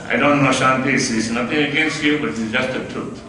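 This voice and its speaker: A man gives a measured, earnest guest-of-honor speech at a school event. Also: medium pitch, fairly even intonation. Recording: echoey hall from far off, noisy.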